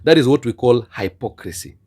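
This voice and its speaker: A man's voice: medium pitch, animated, a little fast, darkish tone. A man giving impassioned commentary on the state of his continent, repeating himself and building to fervent, preachy outbursts. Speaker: political commentator.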